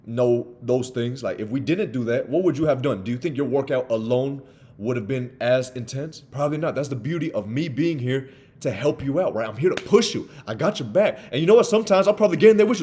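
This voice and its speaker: An energetic young man coaching on sales straight to camera. He talks with lively energy and slips into little acted dialogues with customers. His voice sits at an everyday middle pitch. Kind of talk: motivational talk to camera.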